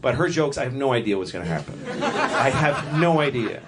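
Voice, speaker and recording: Very animated and a little fast, this medium-pitched comedian works a comedy club stage with an audience present. He rambles, breaks off mid-thought, and voices different characters, all in a noisy live recording.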